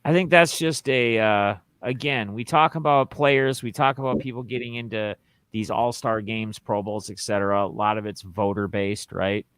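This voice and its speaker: A man's voice: on the low side, fairly even intonation, moderate pace, a bit bright, clean tone, no echo. A man hosting a casual sports podcast, rambling through opinions and reading out listener questions. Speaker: podcast host.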